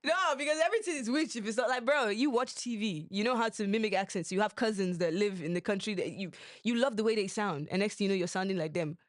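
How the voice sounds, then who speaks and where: A woman's voice: medium pitch, fast talker, hardly any pauses, no echo. Podcast co-host: young woman, playful rambler, dry close sound. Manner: rambling, playful, slips between accents. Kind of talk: casual podcast chat.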